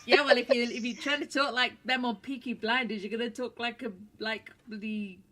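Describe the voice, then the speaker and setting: A woman's voice: fairly high pitch, fairly even intonation, moderate pace, sharp tone. A woman with a British accent co-hosting a show, full of teasing banter. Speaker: radio show co-host. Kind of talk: casual chat.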